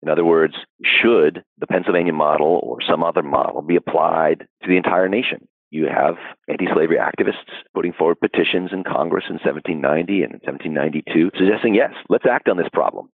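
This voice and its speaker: A man explaining history in an interview, thoughtful and unhurried, with frequent fillers. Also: low voice, steady tone, creaky, husky, dry recording. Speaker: historian guest. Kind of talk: academic interview answers. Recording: dry, phone-like audio.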